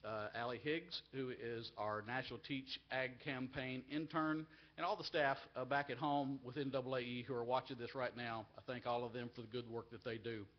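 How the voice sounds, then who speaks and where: The audio has its highs cut off as a man with a medium-pitched, fairly even voice speaks at normal speed with hardly any pauses. He heads an agricultural education group and gives an emotional, earnest speech at a live university event, repeating phrases to stress his points.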